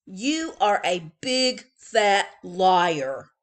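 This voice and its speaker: A woman voicing a blunt older brother bunny in a loud, scolding tone. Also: mid-range voice, lively intonation, extremely slow.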